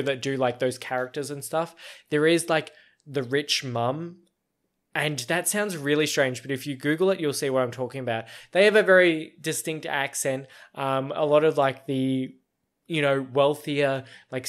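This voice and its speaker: Rambling young Australian man. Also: mid-range voice. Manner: rambling, meandering, with frequent fillers and little laughs. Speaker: podcast host. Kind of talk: casual solo podcast chat.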